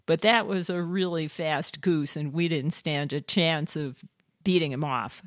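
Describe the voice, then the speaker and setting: A woman's voice: low-pitched, measured pace, no echo, clean studio sound. A woman co-hosting a show, telling stories and reading listener submissions in a matter-of-fact way. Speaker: co-host.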